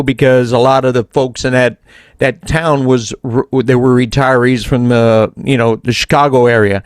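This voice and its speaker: A man's voice: medium pitch, fairly even intonation, normal speed, clean tone, dry recording. Southern man in his sixties, dry sound. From Louisiana. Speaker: show host, radio broadcaster. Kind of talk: casual chat.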